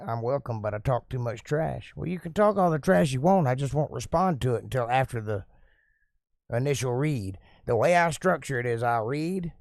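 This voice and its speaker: A man hosting a casual live stream, reading viewer comments aloud and answering them in a relaxed, talkative, folksy way. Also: mid-range voice, normal speed, gravelly, no echo, studio quality.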